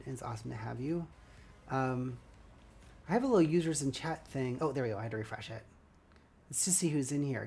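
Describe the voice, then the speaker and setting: A woman's voice: very deep voice, a little mellow. A woman streaming herself building LEGO live, chatting casually with viewers in a scratchy voice with a dry throat, rambling and friendly. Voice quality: scratchy, slightly gravelly voice. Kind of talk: casual livestream chat while building.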